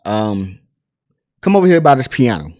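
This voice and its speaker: A man voicing a calm, famous older male singer who softly reassures a nervous boy. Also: mid-range voice, moderate pace, close to an everyday voice. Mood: reassuring.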